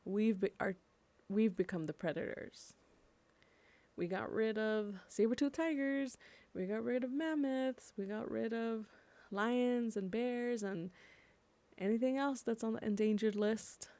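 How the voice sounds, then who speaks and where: A young woman from California giving impassioned personal commentary on camera, emotional and swearing freely, slowing down to stress her points. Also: fairly high pitch, warm tone, no room sound. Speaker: vlogger.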